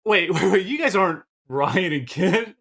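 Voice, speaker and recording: Lively joking male podcast host. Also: high-pitched, slightly rough. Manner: teasing, joking, quick interruptions. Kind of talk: casual film podcast chat.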